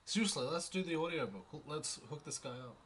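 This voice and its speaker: Jokey man, bright voice. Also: fairly high pitch, expressive, brisk, slight background noise. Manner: jokey, laughs easily, swears. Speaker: podcast co-host. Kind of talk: casual podcast chat.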